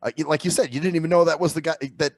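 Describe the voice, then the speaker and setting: A man's voice: a little high, fairly even intonation, racing, no echo. A man hosting a casual interview, asking loose questions with many fillers and laughing along. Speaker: podcast host.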